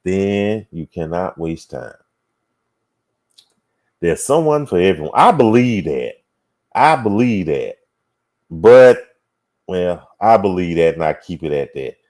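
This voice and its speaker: A man hosts a casual talk show in the style of a livestream chat, reading viewer comments aloud and musing over them with hums and sighs. His deep, darkish voice swings widely in pitch, moving slowly with frequent pauses.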